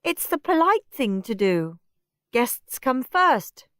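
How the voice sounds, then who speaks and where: A woman's voice: fairly high pitch, big pitch swings, slow, fairly bright tone, clear, resonant tone, no echo, clean studio sound, pitched above the performer's own voice, heavily acted. A woman voicing a prim, polite little boy.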